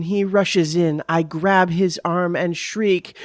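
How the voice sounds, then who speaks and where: A woman giving a measured, dramatic first-person reading of a scripted horror story on a close studio mic. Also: on the low side, fairly even intonation, no echo. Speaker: narrator.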